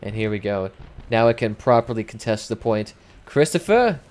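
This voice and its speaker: A man's voice: lowish voice, level tone, brisk, a little mellow, clean tone. A young man commentating casually as he livestreams a game, chatting with viewers and swearing freely. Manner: chatty, swears freely, reads chat aloud. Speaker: gaming livestreamer. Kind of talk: casual live commentary while playing.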